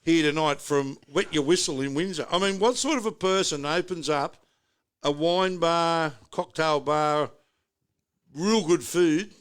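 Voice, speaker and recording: Aussie host, middle-aged bloke, slightly higher voice, joking around at a pub. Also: male voice, normal speed, a bit bright, clean tone. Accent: Australian. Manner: jokey, rambling, banter-heavy. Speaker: podcast host. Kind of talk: casual chat. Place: pub, indoors.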